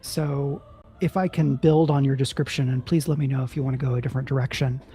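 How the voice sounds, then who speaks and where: A game master narrating a tabletop role-playing battle in a measured, descriptive way, checking in with the players. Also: mid-range voice, fairly even intonation, mellow, husky. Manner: measured, descriptive, hesitant restarts.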